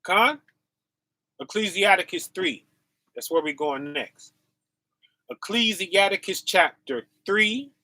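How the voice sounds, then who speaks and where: High and bright, the man's voice carries a slow sermon over a casual livestream. He reaches out to viewers with animated energy and laughs frequently, in a dry, close recording.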